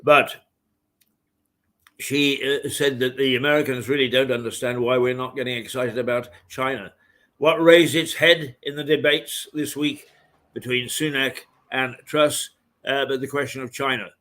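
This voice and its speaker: A man hosting a morning talk show from a hotel, rambling and halting with many fillers. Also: medium pitch, fairly even intonation, fairly bright tone. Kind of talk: casual chat. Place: hotel room.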